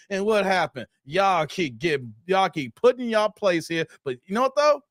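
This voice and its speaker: A man hosting a casual live stream, talking in loose slang, greeting viewers by name and getting animated as he riffs. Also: moderate pace, few pauses, dry recording, clean studio sound. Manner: animated, jumps high in pitch when worked up.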